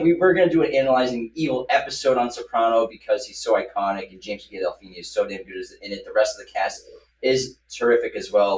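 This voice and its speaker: A man's voice: mid-range voice, a little mellow. A man in his thirties hosting a podcast, talking casually and enthusiastically, laughing often. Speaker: podcast host. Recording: echoey room, distant mic, faint noise.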